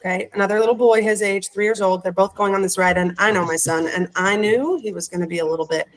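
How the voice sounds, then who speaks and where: A woman in her thirties, a podcast guest, telling a heartfelt personal story and growing animated as she retells it. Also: medium pitch, quick pace, poor audio.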